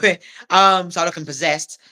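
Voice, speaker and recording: A woman from England, a comedian guest on a podcast, telling stories in lively casual chat and acting out what people said to her. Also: lowish voice, moderate pace. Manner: animated storyteller who acts out quoted voices and laughs often.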